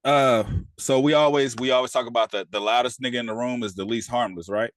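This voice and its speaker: A man's voice: mid-range voice, fairly even intonation, fast, no echo. A man with a mid-range voice co-hosts a casual TV review podcast. He retells episodes animatedly, slipping into the characters' lines, and his talk is loose and profane. The sound is dry and close. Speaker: podcast co-host.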